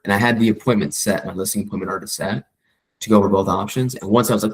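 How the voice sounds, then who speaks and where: A man with a fairly low, husky voice talks at a rapid clip. He coaches a colleague in a loose, conversational way and jumps into quick acted-out bits of client calls. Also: rough recording. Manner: fast, animated, acts out client calls in quoted voices. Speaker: real estate agent coaching a colleague. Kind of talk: casual coaching chat.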